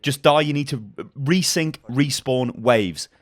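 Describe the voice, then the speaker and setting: A man's voice: mid-range voice, a little slow. Worked-up man hammering home game tips. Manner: emphatic, repetitive, worked-up. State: slightly hoarse. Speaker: gaming YouTuber. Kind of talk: fast-paced game tips guide.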